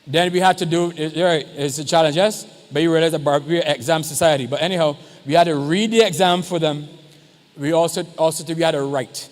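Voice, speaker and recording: A man's voice: a little high, fairly quick. A man, a pastor, speaking informally at a church youth service and often checking in with the audience. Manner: conversational, keeps checking in with the audience. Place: church hall. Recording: long hall reverb.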